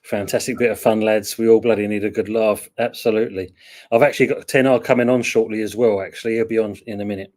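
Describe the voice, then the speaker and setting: A man's voice: lowish voice, steady tone, fast talker, darkish tone. A man hosting a casual football chat, easygoing and joking. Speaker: podcast host.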